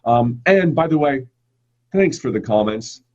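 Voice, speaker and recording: A man speaks to his webcam in a live motivational lesson, his husky voice swinging between emphatic bursts and slow, drawn-out words. The stream audio is slightly dull and lo-fi. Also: mid-range voice, lively intonation. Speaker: online course teacher.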